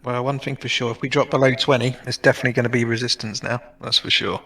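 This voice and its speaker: Guest, male, bright forceful voice, teasing banter. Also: medium pitch, steady tone, fast, gravelly. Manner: teasing, joking. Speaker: stream guest. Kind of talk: casual trading chat.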